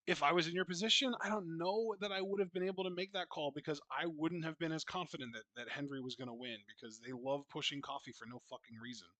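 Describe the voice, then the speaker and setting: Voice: medium pitch, fast, hardly any pauses, fairly bright tone, dry recording. A podcast co-host talking casually about wrestling, earnest and sympathetic to the wrestlers. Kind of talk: casual wrestling recap chat.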